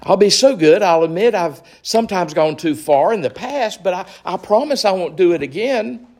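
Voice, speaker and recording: Guy doing a whiny begging lizard voice, higher than his own, stammery and gravelly. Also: animated, moderate pace, a little mellow. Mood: pleading. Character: wheedling pleading male lizard of lust.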